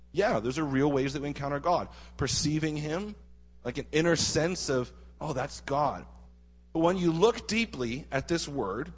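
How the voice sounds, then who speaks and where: Husky-voiced man preaching in a hall. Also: a little high. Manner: animated preaching with rhetorical questions to the congregation. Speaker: pastor. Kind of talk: sermon. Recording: husky voice with long hall reverb.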